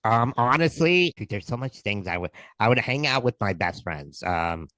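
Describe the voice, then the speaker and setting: A man, a podcast guest, telling an excited story full of quoted dialogue in casual talk. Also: on the low side, normal speed, no echo, rough recording.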